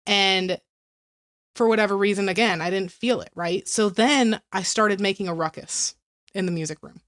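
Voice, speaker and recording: A woman's voice: mid-range voice, moderate pace, a bit bright. A woman co-hosting a podcast, telling a story casually and peppering it with "like" and "right?". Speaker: podcast co-host.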